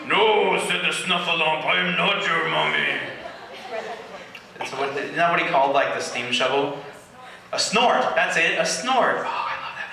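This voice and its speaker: A spoken-word poet reading to a live audience, slow and deliberate in his poems, rambling and laughing in his banter. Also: medium pitch, bright, forceful tone. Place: indoor venue with live audience. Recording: echoey room, mic far off, faint noise.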